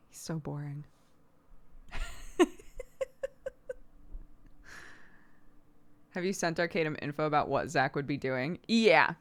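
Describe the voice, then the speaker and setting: A woman's voice: sits low, moderate pace, a bit bright. A woman streaming from home, chatting casually with lots of "like" fillers and frequent laughs. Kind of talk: casual chat.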